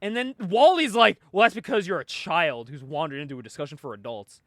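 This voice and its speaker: A man's voice: a little high, a little fast, a bit bright, no room sound, clean studio sound. A man casually recapping a comic book, acting out the characters' lines and laughing often. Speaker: podcast host.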